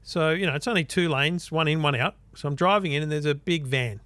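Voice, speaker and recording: An Australian man co-hosting a podcast, telling a story in casual chat and acting out quotes with animated bursts. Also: fairly high pitch, brisk, dry recording. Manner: animated, acts out quotes loudly. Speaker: podcast co-host.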